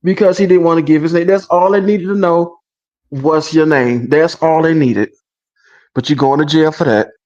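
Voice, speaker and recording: A man's voice: a little high, normal speed, muffled recording. A male livestream co-host chatting casually and explaining a clip. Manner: relaxed, agreeable, explains the situation. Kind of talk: casual reaction chat.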